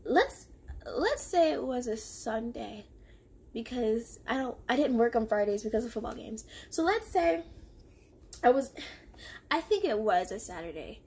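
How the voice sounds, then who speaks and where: A woman's voice: fairly high pitch, unhurried, breathy edge. A young woman casually telling a story from her own past, acting out the lines of the people in it. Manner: animated and confrontational, acting out quoted lines. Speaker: storyteller vlogger.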